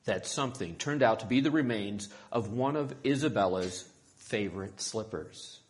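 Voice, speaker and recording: A man reading a children's story aloud in an expressive storytelling manner. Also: lowish voice, normal speed.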